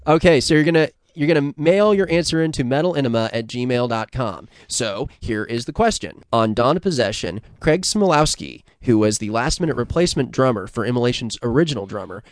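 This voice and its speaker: A man from the United States hosts a podcast in loose, profane chat, rambling and laughing as he tells stories. His voice is smooth and resonant. The sound is dry and close. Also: medium pitch, expressive, fairly quick, hardly any pauses, no echo. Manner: rambling, swearing, laughing, acting out bits. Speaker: podcast co-host. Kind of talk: casual crude chat.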